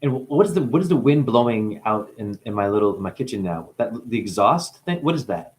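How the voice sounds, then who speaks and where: A man who is high, talking in a rambling, profane monologue. His voice swings from low mumbling to sudden high exclamations. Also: very animated, brisk, slight background noise. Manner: profane, playful. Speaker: spiritual video maker.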